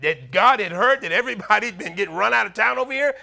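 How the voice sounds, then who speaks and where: An animated male preacher delivers a sermon in a high, bright voice. He retells the scripture dramatically, slipping into the voices of worried neighbors and calling to his listeners directly. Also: fast, vocal fry. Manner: animated preaching, acting out townspeople's warnings.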